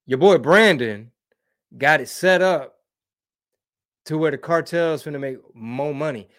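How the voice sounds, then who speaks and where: A man's voice: on the high side, unhurried, fairly bright tone. A man hosting a casual live stream, reading viewer comments in a rambling, slangy way and dropping Spanish words.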